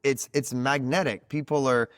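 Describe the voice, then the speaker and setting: A man in a relaxed podcast chat who explains things like a patient teacher and leans on "like" as he thinks. His voice sits at an everyday middle pitch. The sound is dry and close, with no room around it. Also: moderate pace, dry recording, soft background music. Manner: reflective, teacherly, full of "like" fillers. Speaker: podcast guest, card reader. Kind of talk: casual podcast conversation.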